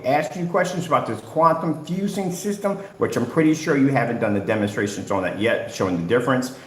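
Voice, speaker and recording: A man's voice: on the low side, a little hiss or hum. Confrontational man ranting in an echoey room. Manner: confrontational, lecturing, repeats "at the end of the day". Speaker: business owner ranting at rivals. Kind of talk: livestream rant. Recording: roomy echo.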